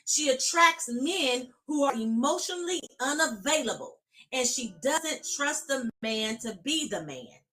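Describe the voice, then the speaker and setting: A woman's voice: high voice, animated, measured pace, a bit bright. A woman life coach giving a live-streamed motivational talk, speaking emphatically and addressing her viewers directly in a preacher-like cadence.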